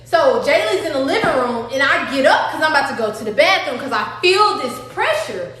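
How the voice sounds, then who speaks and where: High, bright woman in an echoey room. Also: very animated, fairly quick. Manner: profane, dramatic, talks straight to the audience. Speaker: storytime vlogger. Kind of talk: personal storytime.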